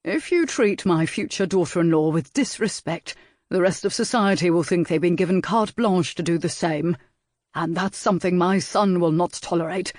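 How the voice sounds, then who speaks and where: A man reading an audiobook and voicing a stern aristocratic father with firm, measured speech. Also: high-pitched, dry recording, studio quality, natural voice.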